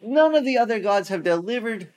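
A man voicing a boastful, sneering Assyrian envoy who taunts loudly in a raised, mocking voice. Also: expressive, brisk. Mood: threatening. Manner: taunting, mocking, loud and high.

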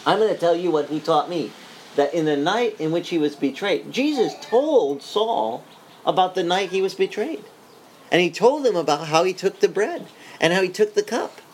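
A man preaching a sermon, telling the story in a lively, joking way, with frequent restarts. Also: high-pitched, normal speed, a little hiss or hum, rough recording. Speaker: pastor.

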